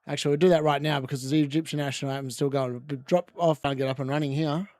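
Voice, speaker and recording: Fast-talking and a little mellow, this Australian livestream host keeps his fairly high voice mostly even in intonation. He rambles through casual match chat on his football watchalong, often mocking himself. It's a dry, studio-quality recording.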